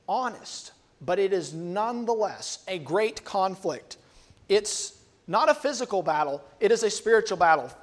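A preacher giving an expository sermon in a measured teaching manner, reading scripture verses aloud as part of the sermon. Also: medium pitch.

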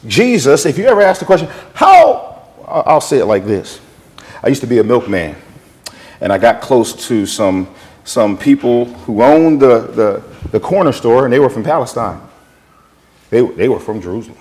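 A man preaching a sermon, jumping between shouted scripture and quiet, folksy asides as he tells stories. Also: mid-range voice, normal speed. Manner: animated, swinging from shouted scripture to near-whispered asides; folksy, conversational storytelling.

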